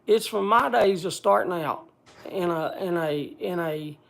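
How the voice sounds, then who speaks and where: A man speaking bluntly to a group in casual talk, halting often and restarting his sentences. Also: sits high, creaky, fairly bright tone. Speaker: speaker addressing a group gathering.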